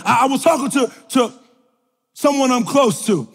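Male preacher, high pitched, emphatic and repetitive, reverberant hall sound. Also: normal speed, creaky, husky. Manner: emphatic, repetitive declarations with call-and-response energy; animated, swings from loud to quiet. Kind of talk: sermon. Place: large room with audience.

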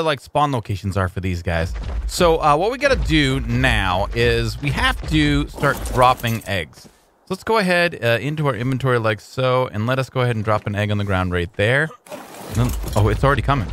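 Excitable gamer man, bright lively voice. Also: fairly high pitch, slight background noise. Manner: excitable, playful slang, talks to his creatures. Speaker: gaming YouTuber. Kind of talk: casual let's-play commentary.

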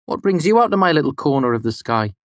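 A man doing a bright, rich-voiced old hermit. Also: a little high, sing-song, quick pace, dry recording, studio quality. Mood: friendly. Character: cheerful old male hermit listener.

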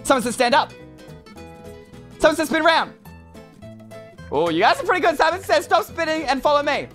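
A woman's voice: high voice, lively intonation, fairly bright tone, faint music behind. A woman hosting a game of Simon Says, calling out commands in a bubbly, teasing way. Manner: bubbly, teasing, quick calls. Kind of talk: excited game commentary.

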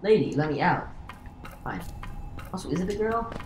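A woman's voice: lowish voice, normal speed. A woman hosting a let's play, rambling through casual gameplay commentary with self-mocking jokes and stumbling restarts. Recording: roomy echo with steady background noise.

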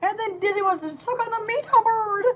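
A woman's voice: very high voice, fairly even intonation, brisk, crowd noise. A woman, hosting a rambling, casual live video from home. She giggles a lot and jumps from one goofy topic to the next. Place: home at night.

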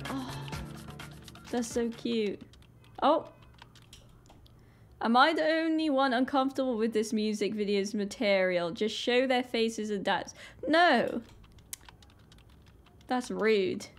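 A young British woman with a British accent, hosting a casual reaction vlog, chatty and excitable with many "like" fillers. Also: on the high side. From Britain. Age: young adult. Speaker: reaction video host. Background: faint music video playing.

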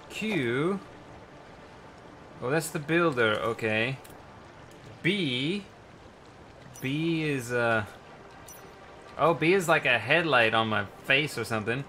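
A man commentating a survival building game as he plays, excitable and quick to yelp in panic or laugh at mishaps. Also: medium pitch, slight background noise. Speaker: gaming channel host. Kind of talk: let's play commentary.

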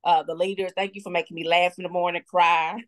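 A woman's voice: on the low side, flat delivery, a little fast. A woman on a group call, laughing often between her words. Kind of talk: casual, emotional thanks.

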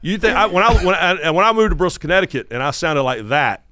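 Male, 50s, North Carolina Southern accent, animated podcast storyteller, dry studio sound. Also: high-pitched, fast talker, no room sound. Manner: animated storyteller who acts out quotes. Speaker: guest podcast host.

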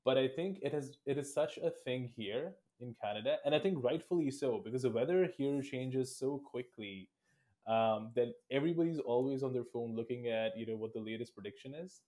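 This young Indian man, in his twenties, is a guest offering reflective, considered answers in a relaxed interview. He talks briskly in a mid-range voice with a dark tone.

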